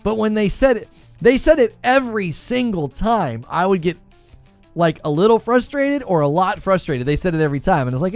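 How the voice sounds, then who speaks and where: A man with a high, very animated voice hosts a livestream at a moderate pace, chatting casually, joking with his chat, laughing often, and reading comments aloud. There's no echo, just soft background music.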